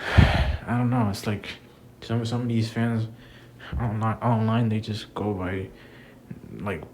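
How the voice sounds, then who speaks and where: A man's voice: lowish voice, a little mellow, slight background noise, low-quality recording. A young man ranting casually about wrestling, frustrated and repetitive, with many fillers. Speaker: wrestling commentator. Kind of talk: casual rant to camera.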